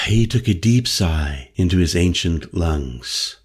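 A man narrating a first-person audiobook in a measured, dry storytelling manner. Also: low-pitched, lively intonation, slightly rough.

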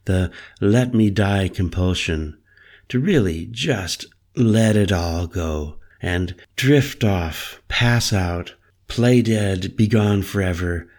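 Male audiobook narrator, very low voice, unhurried first-person storytelling. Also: darkish tone. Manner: measured, introspective.

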